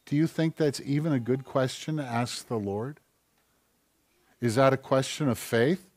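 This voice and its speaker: A male pastor preaching a conversational sermon in a church, building up to forceful questions. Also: medium pitch, a little slow.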